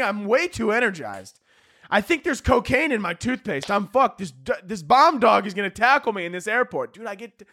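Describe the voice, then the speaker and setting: A man hosting a comedy podcast, telling rambling, profane, self-mocking stories full of restarts and sudden excited yells. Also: no echo, clean studio sound. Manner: jumps into high excited yells for comic panic. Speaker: podcast host.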